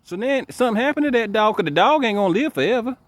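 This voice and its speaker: A man's voice: high-pitched, animated, fast, no room sound. A man giving a casual ranting monologue to camera, emphatic and repetitive, stumbling over repeated words. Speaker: dog breeder vlogger.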